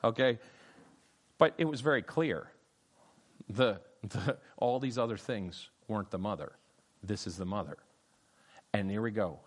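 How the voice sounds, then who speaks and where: A man's voice: fairly low pitch, unhurried, long pauses. A middle-aged man leading an interactive Bible study class, calling on students by name with a playful, chatty manner and plenty of fillers.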